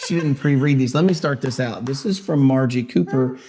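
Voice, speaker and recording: A man's voice: medium pitch, brisk, darkish tone. A man co-hosting a podcast in casual chat, rambling with lots of fillers. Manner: rambling, uses many fillers. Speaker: podcast co-host.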